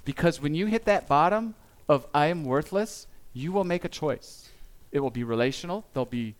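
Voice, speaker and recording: A man giving a sermon as pastor, speaking earnestly and confessionally, with pauses and small restarts. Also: on the high side, expressive.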